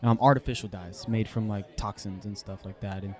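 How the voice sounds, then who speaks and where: An American man co-hosting a podcast, rambling deadpan through an improvised comedy date with lots of fillers. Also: lowish voice, a little fast, soft background music, some chatter behind. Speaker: podcast co-host.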